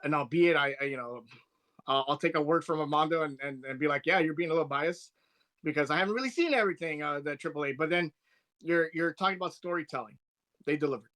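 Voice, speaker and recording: A man co-hosting a casual wrestling podcast, talking in an excited, rambling way with many restarts. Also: fairly high pitch, fast talker. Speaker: podcast co-host.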